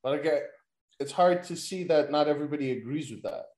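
A man's voice: on the high side, a little fast, darkish tone. Man talking from an echoey room. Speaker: podcast co-host. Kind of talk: casual chat.

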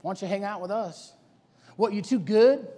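A man playing a pack of mocking young bullies, sneering in a high, singsong voice. Each taunt carries a long echo of a big hall behind it. The whole thing is told as a scene from a sermon. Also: steady tone, brisk, natural voice. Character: taunting young men mocking a pious boy. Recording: long church hall reverb.

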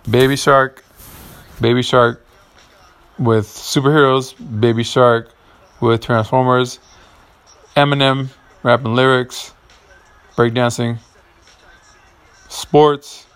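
A man's voice: medium pitch, vocal fry, clear, resonant tone. A man hosting a casual solo podcast from his garage, rambling and profane, getting heated at times. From Puerto Rican heritage. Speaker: podcast host. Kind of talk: casual monologue.

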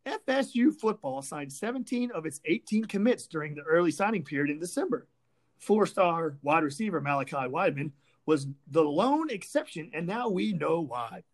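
Lively, fired-up woman ranting about sports. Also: low voice, normal speed. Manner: fired-up, sarcastic, profane ranting. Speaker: sports talk host. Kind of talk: ranting sports podcast chat.

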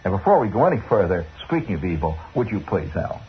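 Man, radio storyteller, lively swooping pitch, muffled old broadcast, faint hiss. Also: fast talker. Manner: chatty, digressive, chuckling asides. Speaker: radio host. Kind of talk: rambling storytelling monologue.

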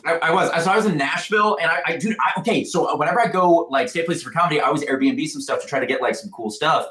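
A man's voice: a little high, fast, fairly bright tone, echoey room. A man co-hosting a podcast in casual chat, self-mocking and laughing often as he talks. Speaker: podcast co-host.

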